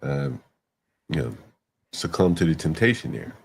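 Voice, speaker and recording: A man's voice: low voice, huge pitch swings, unhurried, gravelly, husky. A man hosting a casual livestream chat, talking emphatically and repeating words to stress his point. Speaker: livestream host.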